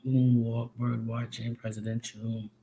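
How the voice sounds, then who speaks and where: A man's voice: medium pitch, little pitch movement, unhurried, vocal fry, mellow, a little hiss or hum. A man hosting a casual livestream chat, rambling and musing aloud with many rhetorical questions. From United States. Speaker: livestream host.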